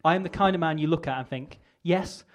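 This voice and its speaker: A man's voice: fairly high pitch, dull audio. Awkward man doing a parody politician speech. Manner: awkward, self-deprecating, halting. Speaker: comedian in a mock political speech. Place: stage before a live audience.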